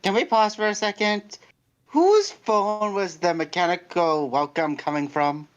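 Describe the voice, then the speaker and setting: Slow careful guy player, muffled lo-fi sound. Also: high-pitched, clear, resonant tone. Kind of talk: casual tabletop chat. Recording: dull lo-fi audio.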